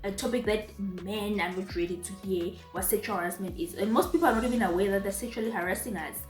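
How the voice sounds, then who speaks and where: A young Zimbabwean woman telling a storytime vlog casually, with animated, emphatic repetitions. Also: mid-range voice, fast. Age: young adult. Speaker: vlogger. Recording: roomy echo, faint music.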